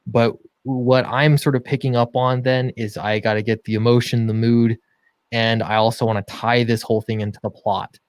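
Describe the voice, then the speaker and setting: A man co-hosting a relaxed livestream, walking through his comic script with eager energy and plenty of fillers. His voice sits at an ordinary pitch for a man, and the sound is close and dry with no room echo. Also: normal speed. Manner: enthusiastic explaining with many fillers. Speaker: comic book writer and co-host. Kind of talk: casual livestream chat.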